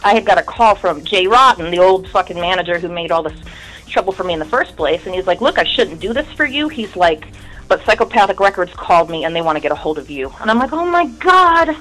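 A woman's voice: on the low side, fast talker, fairly bright tone, low-quality recording. A woman in her thirties, a guest in an interview, telling her story in a candid, rambling way and swearing often.

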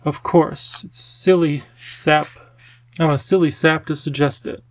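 Man playing a fussy storybook cat, slow drawling speech, dry close sound. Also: on the high side, steady tone, no echo, close to an everyday voice. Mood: coaxing. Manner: genteel, drawn-out, fussy delivery. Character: charming, theatrical male cat, playful and flattering.

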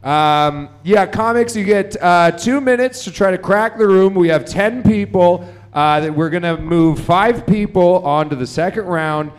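A young man with a slightly high voice hosts a comedy night. He rambles through crude bits, swearing freely and stumbling over fillers and false starts. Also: a little slow, hardly any pauses, clean tone. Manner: rambling, profane, many fillers and restarts. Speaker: comedy show host. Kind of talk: stand-up hosting banter.

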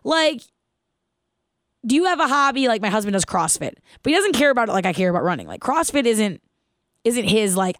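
A woman in her thirties hosting her own podcast, telling a personal story in an animated, casual way, laughing as she goes and asking listeners questions. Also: fairly high pitch, fairly quick, no echo, studio quality. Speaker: podcast host.

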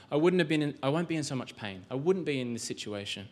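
A man preaches a sermon in a church, talking in a loose, conversational way. He keeps throwing rhetorical questions at the room and restarts his sentences often. His voice sits at an ordinary middle pitch. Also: lively intonation, fast, few pauses, a little mellow. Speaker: pastor.

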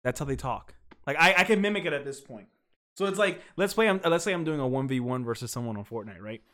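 A man's voice: mid-range voice, fast. A man co-hosting a casual podcast, swearing freely and laughing often as he rants. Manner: profane, animated, laughing often. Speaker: podcast co-host.

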